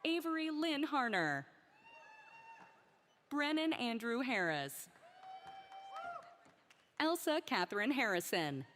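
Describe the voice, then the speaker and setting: Woman slowly reading names at a ceremony. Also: fairly high pitch, very animated, a bit bright. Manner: slow, careful name reading. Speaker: commencement name reader. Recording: crowd and noise of a large ceremony.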